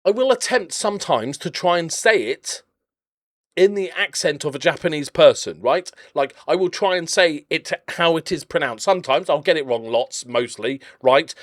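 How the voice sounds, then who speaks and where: A man's voice: a little high, lively intonation, normal speed, a bit bright, no echo, studio quality. A man casually commentating on his own game footage, chatty and jokey, rambling off into blunt little rants. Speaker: game channel host.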